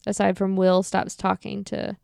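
A woman co-hosting a podcast, giving opinionated views in a casual movie review chat with quick wry remarks. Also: medium pitch, completely flat delivery, vocal fry, a little mellow, no room sound, clean studio sound. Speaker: podcast co-host.

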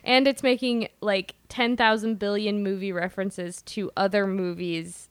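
A woman's voice: medium pitch, little pitch movement, unhurried, clear, resonant tone, no echo, studio quality. A woman co-hosting a film podcast in a casual chat, playful and snarky, laughing a lot. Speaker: podcast co-host.

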